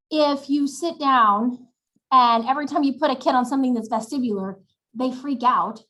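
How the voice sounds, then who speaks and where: High, bright woman presenter; animated webinar teacher, echoey home webcam sound. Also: measured pace. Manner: animated, demonstrating routines aloud. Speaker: workshop presenter.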